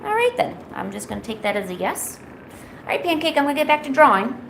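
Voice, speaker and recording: A woman chats on her home art stream and coos sing-song baby talk at her cat between asides to viewers. Her voice sits a bit high with a gravelly fry at the ends of phrases. A faint hiss runs under the recording. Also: expressive, fast talker, a bit bright. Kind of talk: casual live-stream chat.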